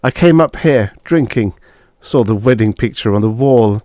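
A man's voice: medium pitch, lively intonation, normal speed, mellow, no room sound, clean studio sound, voice pushed up, lightly acted. Guy doing a weepy sorry young husband, choked mutter. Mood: remorseful. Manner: choked, muttering between sobs. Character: remorseful young husband weeping.

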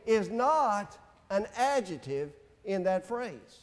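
Male pastor, deliberate and emphatic sermon delivery, unhurried pace, church sanctuary. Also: high-pitched, lively intonation, a little mellow, big-room sound. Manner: slow, emphatic preaching with scripture readings.

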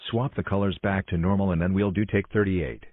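A man directing a homemade cartoon blooper video, exclamatory and hurried, calling out cuts and takes. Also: low voice, steady tone, narrow, tinny audio, noisy background. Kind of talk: scripted fan cartoon narration.

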